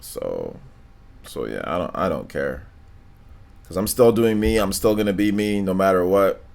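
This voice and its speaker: A man hosting a live stream, chatting casually with viewers in a low, monotone, laid-back way, full of slang and filler words. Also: normal speed, vocal fry. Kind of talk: casual stream chat, reading donations and comments.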